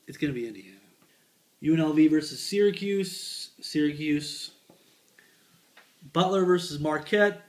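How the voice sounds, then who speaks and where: A man doing casual comedic sports commentary, picking tournament games with deadpan, rambling asides. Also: a little high, measured pace, long pauses. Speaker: bracket picker.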